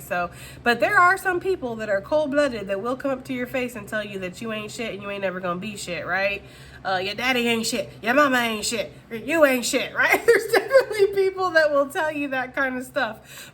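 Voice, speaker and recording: A woman's voice: fairly high pitch, pushed and bright, slight background noise. A woman giving a casual, chatty tarot reading and addressing her viewers directly. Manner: chatty, full of fillers. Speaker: tarot reader.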